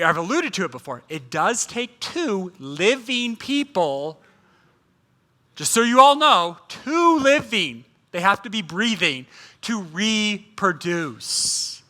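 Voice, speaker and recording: A man's voice: high-pitched, bright, forceful tone. A man preaching a sermon as a guest speaker, in a humorous, conversational way with playful asides.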